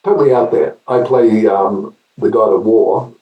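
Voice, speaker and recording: An older man with an Australian accent, a guest actor telling wry anecdotes in a casual interview, often halting and restarting. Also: lowish voice, roomy sound, far from the mic, muffled recording.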